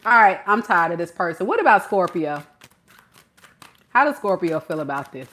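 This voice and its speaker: A woman tarot reader giving a reading to the camera in an animated, playful, slangy way, laughing often. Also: fairly low pitch, normal speed, long pauses.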